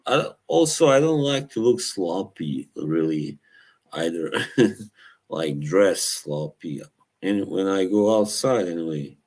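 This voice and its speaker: Man, deep voice, slow unhurried talk, casual live stream chat, laughs a lot, halting. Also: expressive, a little mellow. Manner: rambling, laughs often at his own stories; halting, searches for words.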